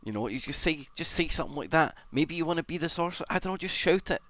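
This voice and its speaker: A man streaming live, chatting casually as he reads and answers comments, with sudden excited shouts. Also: on the high side, fast. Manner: chatty, greets viewers, bursts into excited shouts.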